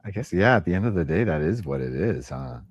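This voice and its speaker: A man's voice: deep voice, very animated, fast talker, breathy edge. A young man hosting a casual podcast chat, laid-back, swearing casually and trailing off mid-sentence. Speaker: podcast host.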